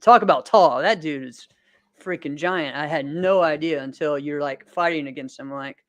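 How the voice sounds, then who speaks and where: A man's voice: fairly high pitch, normal speed, no room sound. A man in his thirties hosting a podcast, chatting casually in an upbeat, rambling way with lots of fillers and frequent laughter. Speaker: podcast host and martial arts competitor. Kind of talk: casual chat.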